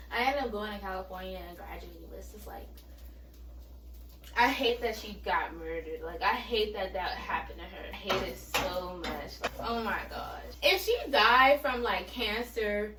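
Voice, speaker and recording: A woman's voice: mid-range voice, bright, forceful tone, recorded from a distance. A young woman in her twenties talks candidly to camera, with lots of fillers and restarts. Her voice sits a little back from the mic in an echoey room, with faint ambient noise behind it. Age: 20s. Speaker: vlogger. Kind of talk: personal storytime vlog.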